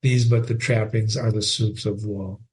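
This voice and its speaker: A man voicing a grieving young prince, reading the verse slowly and with feeling. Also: on the low side, steady tone, a little mellow, pitched below the performer's own voice, close to an everyday voice. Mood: sorrowful.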